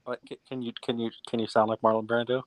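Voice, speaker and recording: A man chats casually on a live stream, teasing his guest and restarting his sentences. His voice sits at a middle pitch. The sound is dry and close to the mic. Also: level tone, dry recording, low-quality recording. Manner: teasing, halting, repeats words.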